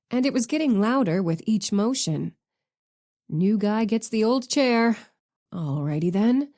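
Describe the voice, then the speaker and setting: Woman audiobook narrator, steady expressive read. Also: medium pitch, a little slow. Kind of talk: scripted narration.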